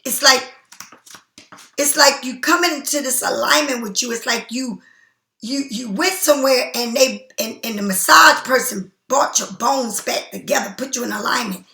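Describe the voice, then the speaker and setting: A woman's voice: on the high side, normal speed, gravelly, bright, forceful tone, roomy sound. A woman giving a casual tarot reading straight to the viewer, repeating herself for emphasis as she offers spiritual encouragement. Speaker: tarot card reader.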